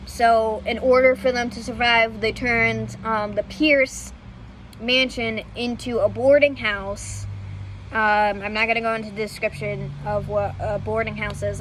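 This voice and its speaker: A woman's voice: fairly high pitch, a bit bright, a little hiss or hum, low-quality recording. A woman vlogger telling history in a casual, hesitant way, with many fillers and self-corrections, often laughing at herself. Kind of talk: casual unscripted storytelling.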